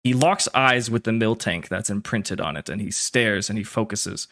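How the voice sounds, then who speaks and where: A man narrating a tabletop role-playing game as game master in a relaxed, descriptive way. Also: on the low side, normal speed.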